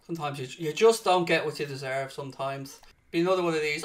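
A man giving let's-play commentary on a football game, swearing freely and swinging between low muttering and loud outbursts. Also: brisk. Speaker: gaming channel host.

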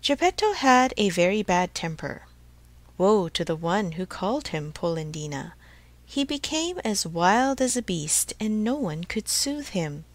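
A woman reading a storybook aloud for English learners in a clear, measured way. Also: medium pitch, big pitch swings, no echo. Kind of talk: scripted storybook narration.

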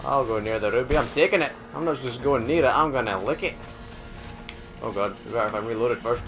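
A man giving live gameplay commentary, excitable and swearing a lot, talking at the enemies on screen. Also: medium pitch, brisk, music in the background. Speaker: gamer doing a let's play.

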